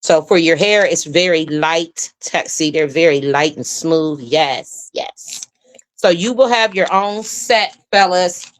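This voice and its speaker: Woman, fairly low voice, enthusiastic, folksy, casual product demo. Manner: enthusiastic, folksy, with drawn-out oohs. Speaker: product seller demonstrating her own line.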